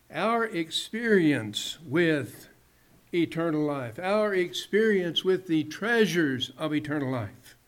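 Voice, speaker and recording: Slow, high-voiced male preacher. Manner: measured preaching, drops low and soft on phrase ends. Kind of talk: sermon.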